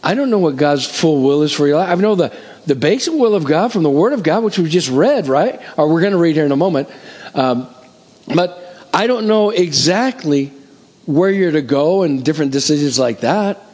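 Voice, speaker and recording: Energetic high-voiced pastor in a reverberant hall. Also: male voice. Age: middle-aged. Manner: energetic, rapid counting like an auctioneer. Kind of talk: sermon. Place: church hall.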